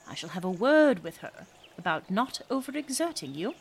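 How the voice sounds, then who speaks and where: An actress playing a fussy, condescending abbess who scolds a young nun. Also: female voice, mid-range voice, sing-song, moderate pace, gravelly, a little hiss or hum. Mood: prim.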